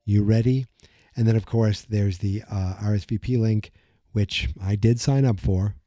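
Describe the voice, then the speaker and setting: A man's voice: on the low side, steady tone, measured pace, mellow, no room sound, studio quality. Chatty man recapping on a podcast. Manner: chatty and rambling, with frequent self-corrections. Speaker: podcast host. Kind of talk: casual episode recap. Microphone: desk microphone.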